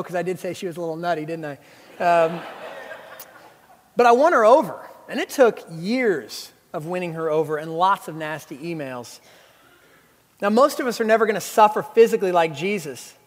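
High-voiced male preacher in a reverberant hall. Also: expressive, moderate pace. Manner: storytelling with humor and emphatic preaching. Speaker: pastor. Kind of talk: sermon.

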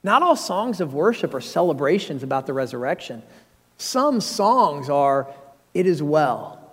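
A pastor, preaching a sermon with earnest, personal storytelling and emphatic rises. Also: male voice, fairly high pitch, big pitch swings, moderate pace, a bit bright, husky. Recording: long hall reverb.

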